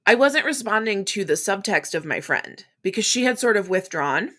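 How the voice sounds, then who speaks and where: A woman hosting a podcast, talking frankly and chattily in a solo monologue, with casual swearing and quick acted-out asides. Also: medium pitch, lively intonation, bright, forceful tone. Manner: acts out quoted voices in quick asides. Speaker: podcast host.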